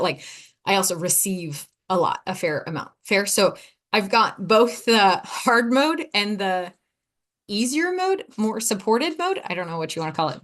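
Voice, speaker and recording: A woman hosting a podcast, telling a personal story in a candid, rambling way, full of asides and acted-out quotes of herself and others. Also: medium pitch. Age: adult, four and a half years sober. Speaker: podcast host.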